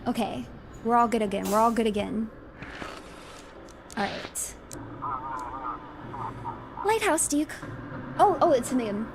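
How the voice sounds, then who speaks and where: Flustered, excitable young woman streamer. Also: a little high, a little slow, long pauses, background noise. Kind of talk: casual game commentary.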